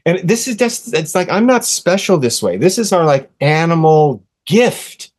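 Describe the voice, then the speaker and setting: A man in his sixties, a podcast guest, telling a personal story earnestly and with animation, softening to a hush when quoting gentle words. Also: a little high, very animated, normal speed. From USA. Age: 60s. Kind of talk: casual storytelling in an interview.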